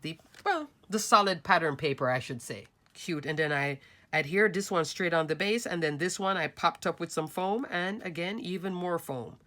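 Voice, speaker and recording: A woman's voice: lowish voice, expressive, moderate pace, pushed and bright. A woman hosting a card-making channel, walking viewers through her projects in a chatty, upbeat way. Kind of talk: casual crafting show-and-tell.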